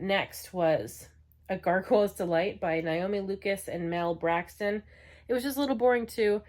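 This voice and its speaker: Frank, rambling woman book vlogger. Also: fairly low pitch. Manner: frank, exasperated rambling with filler words. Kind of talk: casual book review chat.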